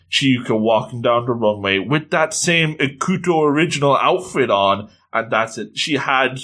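A man recapping a comic book chapter as host, telling it like an animated storyteller with playful catchphrases. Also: mid-range voice.

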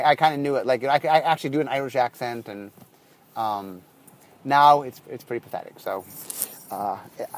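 Rambling man, highish voice. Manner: rambling and anecdotal, self-correcting. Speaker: game designer. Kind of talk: casual podcast monologue.

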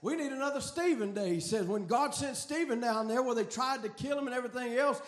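A man preaching a fiery revival sermon, shouting in a chanting cadence. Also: very high voice, fast talker, few pauses.

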